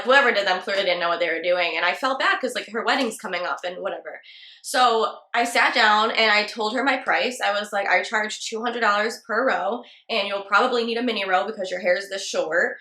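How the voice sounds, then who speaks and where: In a reverberant room, a young woman speaks at medium pitch with a sharp tone. She's a hairstylist and channel host sharing a casual storytime, chatty and full of filler words, especially "like."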